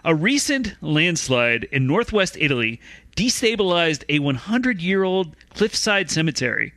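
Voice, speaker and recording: A man's voice: high-pitched, fairly bright tone, no echo. A man hosting a comedy news podcast, reading a story aloud and prompting his co-hosts. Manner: reads stories, then prompts co-hosts. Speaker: podcast host presenting news.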